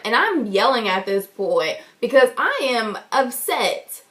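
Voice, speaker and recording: High-voiced woman telling an indignant story. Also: sing-song, measured pace, fairly bright tone. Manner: indignant, emphatic and profane retelling. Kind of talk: storytime vlog.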